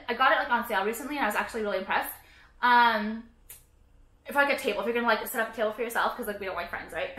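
A woman's voice: a little high, bright, forceful tone, roomy sound. A woman vlogging casually, ranting about products with heavy swearing, sarcasm and lots of "like". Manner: profane, sarcastic, frequent "like".

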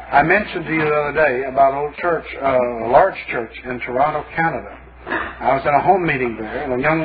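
A man preaching a sermon, telling stories in a folksy, emphatic, wry way. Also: on the high side. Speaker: pastor. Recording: tinny phone-like old tape.

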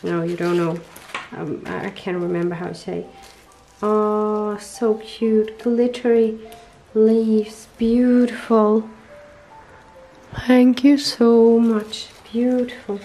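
Slow-talking woman, gushing and teary. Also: mid-range voice, flat delivery, mellow, faint music behind, poor audio. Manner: gushing, searching for English words. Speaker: papercraft vlogger. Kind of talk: casual unboxing chat. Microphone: tablet microphone.

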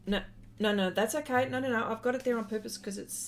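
An Australian woman talks through an art livestream in an easy, rambling way, full of ums and uhs. Her voice sits high for a woman. She keeps stopping mid-thought to say hello to viewers by name. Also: fast, a little hiss or hum. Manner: chatty, greets viewers by name, many fillers. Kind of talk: casual livestream chat.

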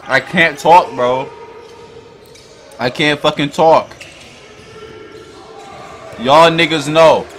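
A man hosting a basketball reaction video, talking in a loud, hyped, profane way and often shouting at the screen. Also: fairly high pitch, fairly even intonation, extremely slow, pauses often, a little hiss or hum. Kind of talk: excited basketball reaction commentary.

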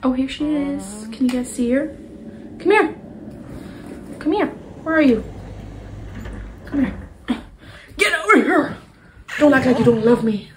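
A woman's voice: high voice, animated, measured pace, pauses often, a little hiss or hum, rough recording. A young woman giving casual, jokey commentary while playing a video game, chatting to herself and her pet. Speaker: gaming youtuber. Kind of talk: casual let's play commentary. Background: game music.

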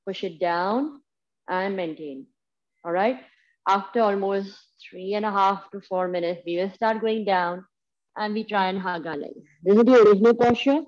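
A woman's voice: medium pitch, a little mellow, dull audio. A woman with an Indian English accent leading a yoga class, giving encouraging step-by-step cues. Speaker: yoga instructor. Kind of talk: guided yoga class instruction.

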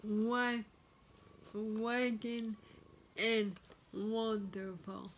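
A woman vlogging casually at home, practicing words slowly and carefully, one at a time. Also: a little high, little pitch movement, slight background noise. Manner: slow, careful word-by-word practice; chatty, talks to her cat. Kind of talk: casual vlog and speech practice. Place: home, with a cat nearby.

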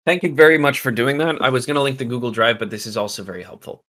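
Chatty man with a bright voice teaching. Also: mid-range voice, quick pace. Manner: loose and chatty, many fillers and asides to chat. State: losing his voice. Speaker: music production teacher. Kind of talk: casual livestream tutorial.

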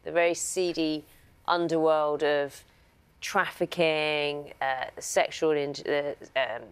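A woman's voice: deep voice, fairly even intonation, slow, clear, resonant tone. A woman presenting a TV interview who chimes in with playful teasing. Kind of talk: TV interview chat.

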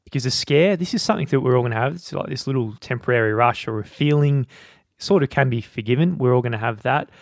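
A man co-hosting a podcast, talking through a book's ideas in a relaxed, conversational way. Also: mid-range voice, quick pace, no room sound, studio quality. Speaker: podcast co-host. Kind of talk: casual book discussion.

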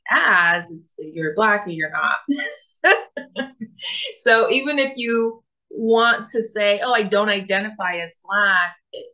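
A woman's voice: medium pitch, slow pace, bright, forceful tone, muffled recording, soft background music. A woman from Africa hosting a reaction video, commenting thoughtfully and often restarting her sentences. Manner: thoughtful, hesitant, with frequent restarts. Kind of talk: casual commentary.

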